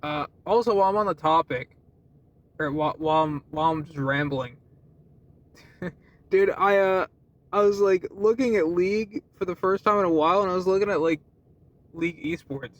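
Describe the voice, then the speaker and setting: High-voiced young man rambling casually. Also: normal speed, long pauses, lo-fi sound. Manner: rambling, laughs often, swears freely, many restarts. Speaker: vlogger.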